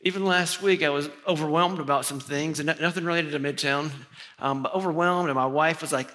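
A middle-aged male pastor preaching a sermon, telling a personal story with animated, self-deprecating humor. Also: on the high side, brisk.

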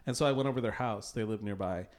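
A man co-hosting an improv podcast, telling childhood stories in a casual, deadpan way with laughs. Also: fairly low pitch, very fast. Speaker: podcast co-host. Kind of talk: casual chat.

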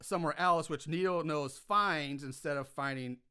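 Bright, high-voiced man ranting through a recap. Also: normal speed, smooth. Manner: animated, exasperated, ranting about plot holes. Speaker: podcast co-host recapping a film. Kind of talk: casual plot recap.

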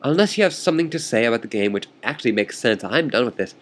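A man's voice: medium pitch, lively intonation, fast, lightly acted. A man voicing a smug male chess player who taunts his opponent in a theatrical, condescending manner.

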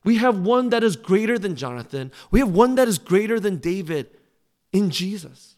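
A middle-aged pastor preaching an earnest, pleading sermon in a fairly high voice. He pushes louder on the phrases he wants to land and leans into direct questions to his listeners. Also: lively intonation, normal speed. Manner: drops to a soft, low close in prayer.

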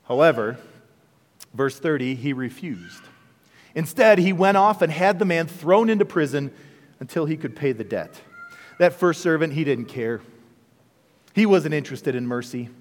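A male pastor preaching a sermon, animated and full of rhetorical questions to the congregation. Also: fairly high pitch, normal speed, pauses often. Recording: long reverb of a large hall.

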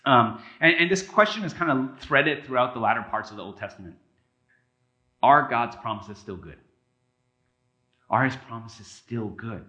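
A man's voice: mid-range voice, moderate pace, pauses often, highs cut off. A man preaching a sermon as a pastor in a casual, conversational way. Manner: conversational, animated, acts out quotes with a raised voice. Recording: echoey room.

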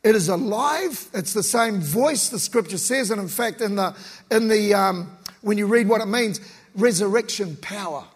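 High husky-voiced preacher in a reverberant hall. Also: male voice, moderate pace. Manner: relaxed, slangy, conversational preaching. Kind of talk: casual sermon. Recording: long reverb of a large hall.

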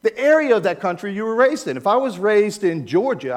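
A man's voice: sits high, very animated, fairly quick. An older American man with a Maryland accent, giving a chatty, informal talk with slides to a church group. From United States. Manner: chatty, digressive, asks the audience for agreement.

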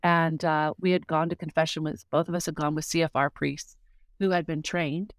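A woman's voice: low voice, level tone, moderate pace, dry recording, studio quality. A middle-aged woman speaking as a guest, telling a personal story in an earnest, heartfelt way with frequent fillers. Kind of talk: casual conversational testimony.

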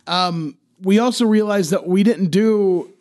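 A man's voice: sits high, measured pace, darkish tone. A man from Charleston with a Charleston Southern accent, hosting a podcast and joking while steering the chat along. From Charleston, South Carolina. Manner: joking, wrangling the show along. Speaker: podcast host. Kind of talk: casual chat.

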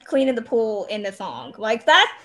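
A woman guest on a podcast, chatting casually, animated and opinionated with some swearing. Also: fairly high pitch, normal speed. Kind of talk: casual chat.

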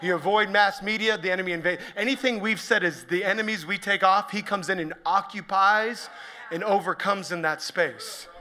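A man preaching a sermon to a church, joking with the crowd and building up to shouted points. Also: high voice, moderate pace. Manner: energetic, joking, rising to shouted emphasis. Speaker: pastor.

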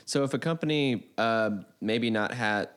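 A male interviewer who gives short agreeing replies and asks halting questions. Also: medium pitch, fairly bright tone, clear, resonant tone. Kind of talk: casual interview talk.

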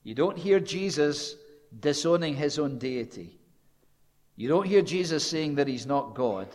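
A man preaching a sermon, telling the story with animation and dropping low and quiet when quoting. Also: lively intonation, unhurried, big-room sound.

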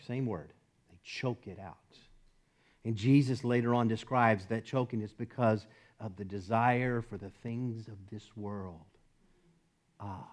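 A man pastor preaching a sermon at a church service, repeating phrases for emphasis and swinging between loud and hushed delivery. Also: mid-range voice.

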